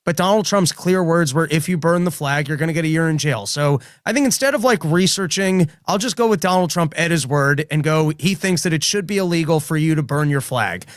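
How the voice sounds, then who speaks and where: Fairly high-voiced man co-host, dry sound. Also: brisk, few pauses, no room sound. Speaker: podcast co-host, comedian. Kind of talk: casual political commentary.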